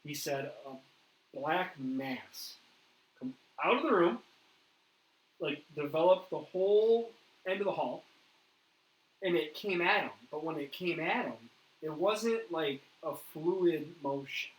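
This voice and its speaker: A man hosting a paranormal interview, telling a ghost story in a lively way and acting out what others said. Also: fairly high pitch, slow pace, long pauses. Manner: animated storyteller, acts out quoted dialogue. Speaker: paranormal investigator host. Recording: echoey room with faint noise.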